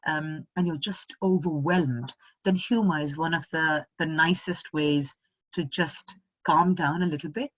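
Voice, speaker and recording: Husky-voiced middle-aged woman musing aloud. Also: deep voice, steady tone, unhurried, dry recording, lo-fi sound. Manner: reflective, thinking aloud. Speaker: interview guest. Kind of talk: casual conversational interview.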